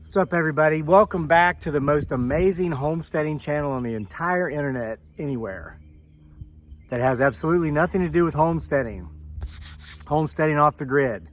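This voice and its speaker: A man's voice: a little high, fairly quick. A man vlogging outdoors on his homestead, telling a rambling joking story with asides while filming on a camera mic. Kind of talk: casual storytelling vlog.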